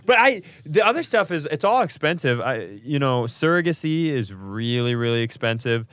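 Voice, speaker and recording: A man co-hosting a comedy podcast, telling a story in casual chat and slipping into quick silly voices. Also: medium pitch, sing-song, a bit bright, no room sound.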